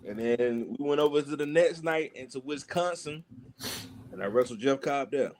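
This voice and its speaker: A man, a wrestling guest, telling funny road-trip stories in casual chat with an animated, laughing manner. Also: medium pitch, moderate pace, slight background noise. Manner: animated, laughing, lively storyteller.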